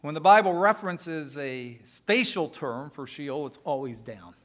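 A male preacher giving a sermon, swinging from loud emphatic lines to quiet asides and joking with the congregation. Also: a little high, lively intonation, unhurried.

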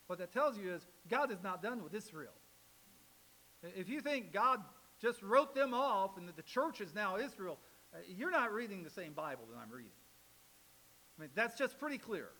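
A male pastor preaching a sermon, reading scripture aloud and swinging loud on key phrases. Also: sits high, big pitch swings, moderate pace, rough recording. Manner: reads scripture aloud with rising force.

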